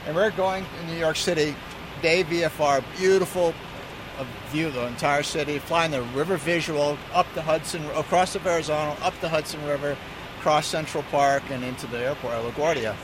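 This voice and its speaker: A man's voice: fairly high pitch, fairly quick, noisy background. A man who is an airline pilot, casually telling an amused anecdote with a few restarts. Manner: relaxed storyteller, amused, some restarts.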